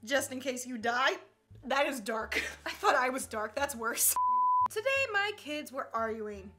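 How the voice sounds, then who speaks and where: A woman's voice: high voice, lively intonation, a little slow. A young woman reading online jokes aloud and reacting with sassy comebacks and frequent laughter. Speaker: video creator.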